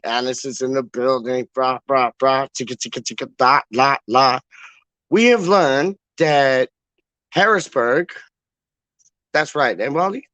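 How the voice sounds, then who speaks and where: A man's voice: on the high side, fairly bright tone, no room sound. A man hosting a fan-channel livestream, chatting casually to viewers in a slangy, repetitive, playful way. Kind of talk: casual rambling chat to viewers.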